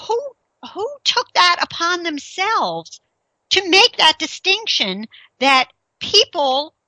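A middle-aged woman hosts her own radio talk show in a chatty, casual way. Her pitch swings widely and her tone is bright and forceful. The recording is close and dry, with no room sound. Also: takes it slowly, no echo, rough recording. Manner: chatty, animated, with incredulous rhetorical questions.

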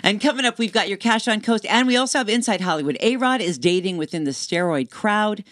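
A woman's voice: medium pitch, expressive, a little fast, fairly bright tone, no room sound, studio quality. Playful woman radio host. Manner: playful, teasing. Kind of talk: casual radio interview.

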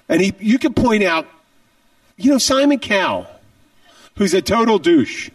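A man's voice: high-pitched, very animated, a little slow, long pauses, no room sound, clean studio sound, distant mic. A man hosting a podcast, talking animatedly and profanely as he jumps between tangents. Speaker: podcast host. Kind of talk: casual podcast chat.

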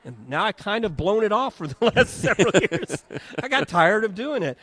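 A man's voice: sits high, sing-song, normal speed, fairly bright tone, dry recording. A man hosting a live radio talk show from a home and garden show, chatting, joking and reading ads.

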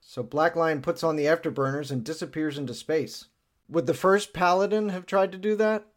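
An upbeat man hosting a chatty podcast and recapping a story. He laughs easily, and his voice sits a little high. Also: moderate pace. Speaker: podcast host. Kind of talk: casual chat and story recap.

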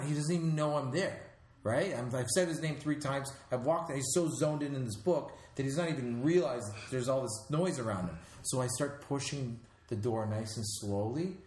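A man's voice: mid-range voice, normal speed. A man chatting casually and telling a prank story with swearing and laughter. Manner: swears, animated retelling with laughs. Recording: echoey room with faint noise.

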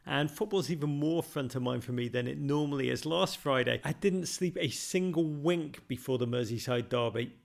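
A man's voice: medium pitch, normal speed, gravelly, few pauses. A man hosting a football podcast, answering listener questions with dry, self-mocking humour and theatrical flourishes. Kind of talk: wry, theatrical monologue.

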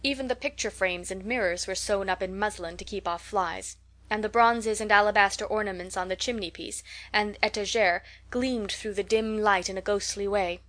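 A woman narrating a classic novel as an audiobook, in steady, even storytelling. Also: mid-range voice, moderate pace. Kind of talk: scripted narration.

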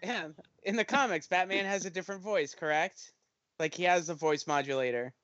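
A man with a slightly higher voice argues his case in a casual podcast chat, keen and quick to jump back in. The sound is dry and close, with a slightly dull tone. He pushes back eagerly. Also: no echo. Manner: argumentative, excitable, fast back-and-forth. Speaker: podcast co-host.

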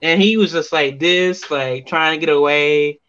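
A man with a bright, forceful voice that sits a little high tells stories from behind the scenes in wrestling. He is animated, jumps into other people's voices for quotes and swears freely. The recording sounds dull and lo-fi. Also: measured pace, clear, resonant tone. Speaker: wrestler guest. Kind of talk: casual interview storytelling.

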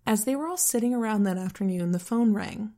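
A woman's voice: medium pitch, fairly quick, mellow. A woman co-hosting a true-crime podcast, narrating the case in an earnest, easygoing way. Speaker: podcast co-host. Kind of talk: casual true-crime storytelling.

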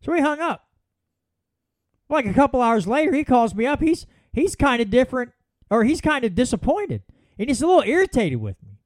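A man's voice: very high-pitched, brisk, dry recording. A man hosting a solo political podcast, telling folksy stories with many restarts. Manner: folksy, animated storytelling with repeated restarts. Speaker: podcast host.

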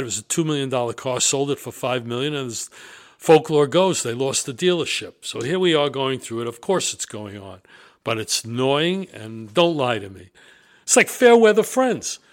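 A middle-aged man telling stories in a casual chat, emphatic and indignant, his voice rising and falling. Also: medium pitch. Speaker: show guest or co-host telling stories.

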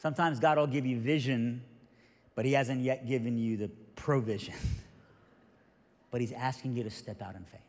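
A male pastor preaching a sermon with animated, emphatic storytelling, recorded in a reverberant church hall. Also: medium pitch, moderate pace, long pauses.

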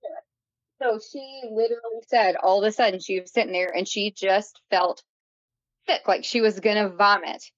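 A woman in her late thirties, a podcast guest, recounting a paranormal story in an animated way, acting out quotes and using many fillers. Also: mid-range voice, normal speed, no room sound. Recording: dull, dry lo-fi audio.

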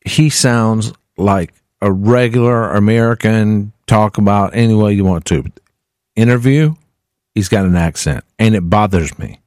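A man's voice: fairly low pitch, unhurried, darkish tone, dry recording. A man hosting a morning radio show, chatting casually and taking callers on a studio microphone. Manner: easygoing, takes callers.

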